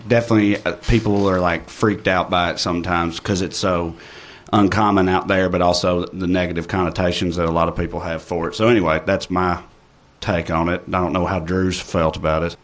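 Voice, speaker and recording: A comedian from Tennessee with a Southern accent, talking in a loose, rambling way with lots of fillers. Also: male voice, low-pitched, level tone, fairly quick. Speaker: comedian guest. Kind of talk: casual chat.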